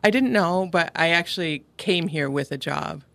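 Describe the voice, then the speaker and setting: A woman's voice: on the low side, moderate pace, vocal fry, a bit bright, dry recording. A middle-aged woman from upstate New York, a podcast guest chatting casually, answering in short replies and laughing often. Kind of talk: casual interview conversation.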